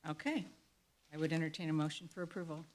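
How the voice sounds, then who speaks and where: A woman with a low voice chairs a school board meeting. She calls for motions and reads formal resolutions aloud in a steady, businesslike way. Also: fast talker, rough recording.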